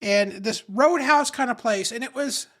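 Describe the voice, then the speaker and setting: A man, a guest comedian, chatting on a podcast, telling stories in an animated way with frequent laughs and filler words. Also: very high-pitched, measured pace. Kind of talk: casual podcast chat.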